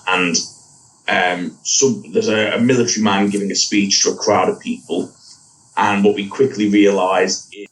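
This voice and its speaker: Recapping an episode in a loose, rambling way, a male podcast co-host keeps correcting himself and chuckling at his mistakes. His voice sits on the low side with a level tone at normal speed, and he's picked up from afar by the wrong microphone.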